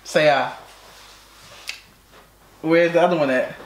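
A man's voice: a little high, slow. A man hosting his family's channel in casual chat, teasing and laughing a lot. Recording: echoey room with background noise.

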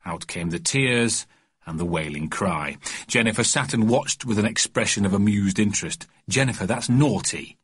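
A man narrating a children's storybook in a lively, expressive reading. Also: lowish voice, moderate pace, slightly rough, no echo. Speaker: audiobook narrator.

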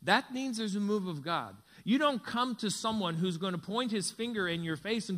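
A man's voice: sits high, moderate pace, hardly any pauses. A man preaching a sermon as pastor, telling a story and acting out its dialogue. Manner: tells a story, reading dialogue with lively voices. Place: church sanctuary.

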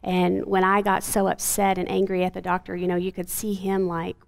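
Brief: woman, 40s, gravelly creaky edge, earnest halting testimony. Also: lowish voice, completely flat delivery. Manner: earnest, halting with frequent fillers. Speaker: guest, mother of a sick child. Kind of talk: emotional personal testimony in an interview.

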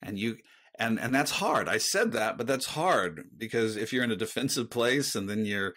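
A man's voice: on the low side, expressive, normal speed, a bit bright. A middle-aged man speaking as a guest author in a podcast interview, earnest and reflective as he talks about faith.

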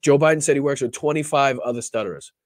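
A man's voice: medium pitch, fast talker, dry recording, clean studio sound. A man hosting a political livestream, talking casually with a lot of profanity and rambling restarts. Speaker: political talk show host.

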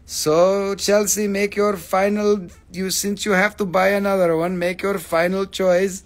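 A man's voice: high-pitched, a little slow, hardly any pauses. A man hosting a live rock sale stream, joking and swearing as he goes. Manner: joking, profane, animated. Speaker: livestream rock seller. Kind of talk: live sales stream, casual chat.

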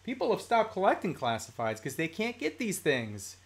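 Male stream host, higher voice with lively swings, heated and chatty. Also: normal speed. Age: adult, works a day job. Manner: animated, ranting, reads chat comments aloud. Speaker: toy collecting livestream host. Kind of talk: casual livestream chat.

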